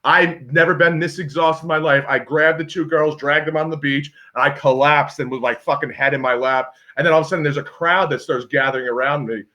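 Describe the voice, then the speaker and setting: A man's voice: a little high, a little fast, few pauses. A young man telling a story in casual chat on a video call, acting out the voices of the people in it. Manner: animated storyteller, acts out voices.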